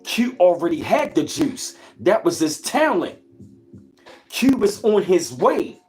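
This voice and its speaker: Guy on a livestream, preachy and repeating himself, shouting out chat, kinda high voice. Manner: preachy, greets chat, repetitive. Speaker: livestream host. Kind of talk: casual motivational talk.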